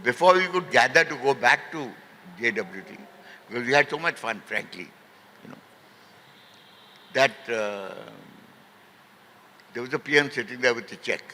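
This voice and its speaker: Man, animated storyteller, reverberant hall, forceful voice. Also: medium pitch, moderate pace, long pauses, a little hiss or hum. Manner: lively raconteur, acts out quoted voices, frequent fillers. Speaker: festival guest, ad filmmaker. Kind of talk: anecdotal storytelling on stage. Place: literary festival hall stage.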